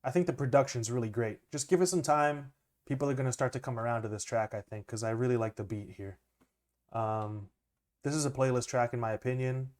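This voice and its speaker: A young man, a music producer, chatting casually and excitedly as he reacts to an album, laughing often. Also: medium pitch, brisk. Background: music playing faintly.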